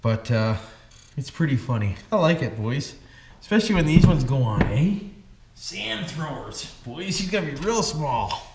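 Speaking at a moderate pace, he has a slightly high, darkish voice that's very animated. It's a Canadian hobby-channel host narrating work on a toy truck, casual and joking, with repeated "boys" and "why wouldn't we"; the recording is echoey with background noise.

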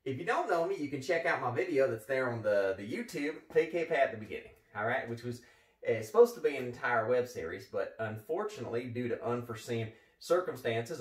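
An overeager middle-aged ex-gym teacher , played by a man, gives a pep talk in a comedy sketch, swooping up and down in pitch as he goes. He loops his slogans and keeps asking "all right?" His voice sounds roomy and a little distant from the mic. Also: natural voice. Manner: pumped-up pep-talk delivery, repeating catchphrases, frequent "all right?". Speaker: comedic character monologue. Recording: echoey room, voice from off the mic.

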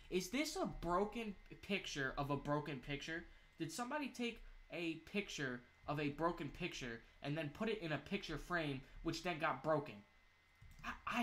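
Excitable, profane man gaming. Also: on the high side, slight background noise. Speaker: gamer. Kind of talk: gameplay commentary.

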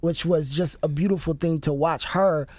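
A man's voice: on the high side, fairly even intonation, normal speed, darkish tone, no room sound. A man guest in a radio studio interview, talking eagerly and emphatically. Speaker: writer and producer guest.

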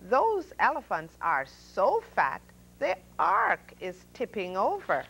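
Old Noah from a children's storybook, a tired but patient old man who coaxes and pleads with stubborn animals, his voice swinging lively up and down at an unhurried pace, as a woman reads him out. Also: medium pitch, breathy edge, heavily acted, low-quality recording. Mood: alarmed.

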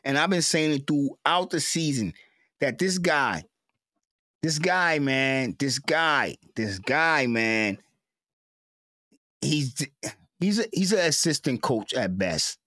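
A man's voice: mid-range voice, expressive, takes it slowly, pauses often, bright, forceful tone, no echo, clean studio sound. A man giving an emotional, repetitive sports rant as a fan commentator, stammering at times.

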